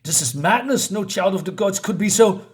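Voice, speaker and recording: Man reading a hostile tribal warrior, declaiming a challenge slowly. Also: high voice, expressive, pitched above the performer's own voice. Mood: scornful.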